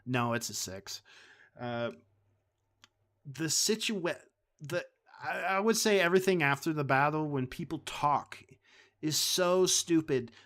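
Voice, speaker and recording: A man's voice: on the high side, expressive, a little slow, long pauses, a bit bright. A man hosting a live stream, talking casually in a rambling, heated way with many restarts. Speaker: streamer host.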